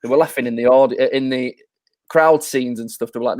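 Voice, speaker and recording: A man's voice: medium pitch, steady tone, a little fast, darkish tone, dry recording. A man, a podcast co-host in casual chat, blunt and ranting, swearing freely.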